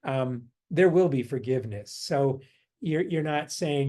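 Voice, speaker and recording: A man leading a forgiveness workshop indoors, speaking gently with frequent chuckles and meandering asides, then softening into quiet repeated meditation phrases. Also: mid-range voice, unhurried. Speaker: workshop leader. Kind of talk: guided meditation teaching. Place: a room indoors.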